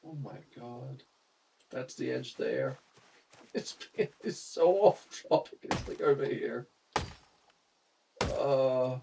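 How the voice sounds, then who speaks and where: A man's voice: medium pitch, slow pace, vocal fry, pauses often, mellow, a little hiss or hum, rough recording. A young Australian man casually chatting to viewers while streaming a game, laughing often and greeting chat.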